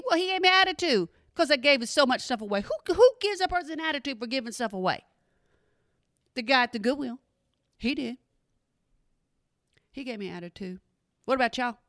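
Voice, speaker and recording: A woman's voice: high voice, a bit bright, no echo, clean studio sound. Chatty woman podcaster. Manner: chatty, keeps addressing listeners as y'all. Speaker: podcast host. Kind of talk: casual solo chat.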